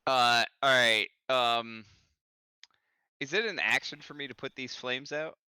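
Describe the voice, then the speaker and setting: A man plays a tabletop game, talking hesitantly with lots of ums while he works out his moves. His voice is very bright and smooth. The sound is dry and close. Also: mid-range voice, unhurried, no room sound. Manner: hesitant, many ums and uhs. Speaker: player. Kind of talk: casual tabletop game play.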